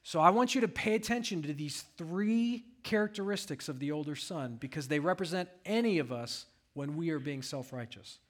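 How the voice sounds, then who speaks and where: A man's voice: a little high, expressive, normal speed, hardly any pauses. A pastor preaching a sermon, reading scripture aloud and asking his congregation rhetorical questions.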